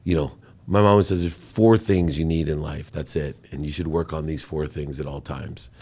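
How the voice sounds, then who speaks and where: A man who is a podcast guest, telling an emotional personal story in an interview with animated, emphatic delivery. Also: rumbling low, normal speed.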